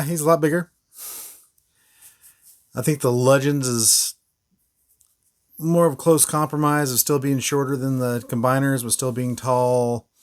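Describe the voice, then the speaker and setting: A man hosting a casual toy review, rambling with frequent fillers and short laughs. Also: mid-range voice. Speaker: toy reviewer, channel host.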